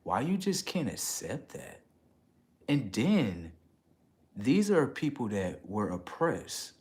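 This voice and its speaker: A man on a casual livestream, rambling in slangy street talk and checking in with his viewers, getting loud and high when worked up. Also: big pitch swings, slow. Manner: rambling, repeats "okay" and "right" to the audience. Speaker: livestream host.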